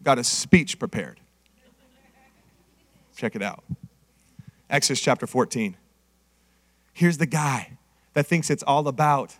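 A man preaching an animated sermon as pastor, rising to shouts and sung phrases. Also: on the high side, slow pace, pauses often, no room sound.

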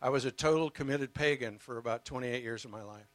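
A man's voice: mid-range voice, quick pace, no room sound. An older man preaching as a guest speaker, earnest and emotional, telling his story with humor. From United States. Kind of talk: sermon.

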